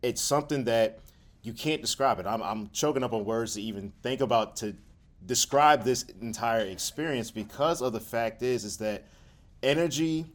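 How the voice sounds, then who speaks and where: A man's voice: mid-range voice, normal speed. A man co-founding a support group, sharing a heartfelt, emotional reflection with friends in a room. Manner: earnest, emotional, emphatic.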